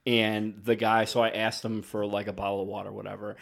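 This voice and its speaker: A man's voice: lowish voice, completely flat delivery, quick pace, vocal fry. A man co-hosting a podcast, telling rambling travel stories in casual chat and mocking himself. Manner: rambling storyteller, self-mocking. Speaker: podcast co-host.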